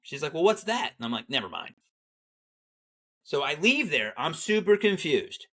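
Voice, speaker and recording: A middle-aged Army veteran guest tells a military story in an easygoing conversation. His voice sits a little high and his pace is moderate, and he animatedly plays out the people he quotes.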